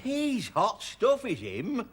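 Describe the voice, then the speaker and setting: A man's voice: high-pitched, wildly swooping pitch, slow pace, breathy edge, exaggerated voice. A middle-aged man playing a stingy shopkeeper who stammers. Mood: teasing. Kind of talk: sitcom acting. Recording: noisy TV sitcom recording.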